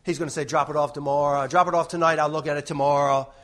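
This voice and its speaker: A man's voice: fairly high pitch, little pitch movement, fast talker, fairly bright tone. A man giving an informal sermon, telling a rambling personal story with many restarts and "right?" tags. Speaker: lay preacher.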